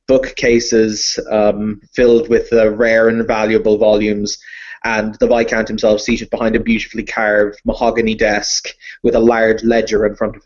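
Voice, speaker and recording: A man narrating a tabletop role-playing game as game master, painting scenes in a theatrical way and often correcting himself. His tone is dark and mellow. The recording sounds muffled and lo-fi. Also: lowish voice. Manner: descriptive, theatrical, with frequent self-corrections.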